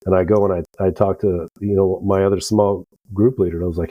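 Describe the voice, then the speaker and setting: A man's voice: low voice, little pitch movement, fast, dark tone, husky, no room sound, rough recording. A middle-aged American man, a veteran guest on a podcast, telling rambling stories with profanity and acted-out dialogue. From United States. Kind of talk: casual storytelling.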